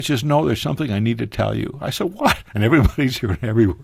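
A man telling a personal story as a guest on a radio talk show, animated, his voice leaping higher at emotional moments. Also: racing, creaky, husky, no room sound, studio quality. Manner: animated, pitch jumping high in emotional moments.

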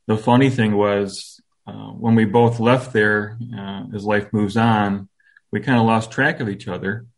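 A man in his fifties telling a personal story as an interview guest, reflective and halting, with soft self-deprecating humor. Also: fairly low pitch, steady tone.

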